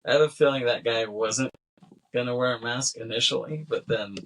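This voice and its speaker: A man's voice: medium pitch, a little fast, a bit bright, rough recording. A man co-hosting a film podcast, chatting casually and laughing often as he retells scenes. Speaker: podcast co-host. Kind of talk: casual film-discussion chat.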